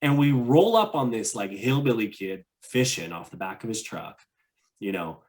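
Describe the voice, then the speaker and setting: A man's voice: lowish voice, lively intonation, normal speed, a little mellow. A man co-hosting a podcast, chatting casually about travel in a rambling way, full of "like" and restarts. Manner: rambling, many fillers and restarts. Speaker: podcast co-host.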